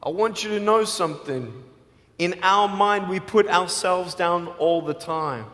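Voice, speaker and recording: A man with an Australian accent giving a live motivational speech, telling his story emphatically and swinging between loud and hushed. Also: sits high, unhurried. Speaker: motivational speaker. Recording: long hall reverb.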